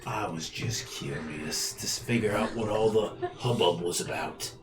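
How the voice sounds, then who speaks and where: A man voicing a gruff male bounty hunter, blunt and scornful. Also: fairly low pitch, measured pace, reverberant, background noise, lightly acted. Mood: cold.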